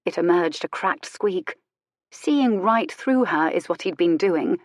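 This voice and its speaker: A woman narrating a historical romance audiobook in a measured, expressive way. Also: lowish voice, no echo, studio quality. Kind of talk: scripted narration.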